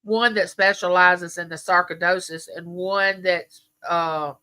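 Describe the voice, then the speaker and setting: A woman's voice: fairly low pitch, fairly even intonation, a little slow, pushed and bright, smooth. A middle-aged woman, chatting with viewers on a livestream and telling stories full of quoted dialogue. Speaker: livestream host. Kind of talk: casual chat with viewers.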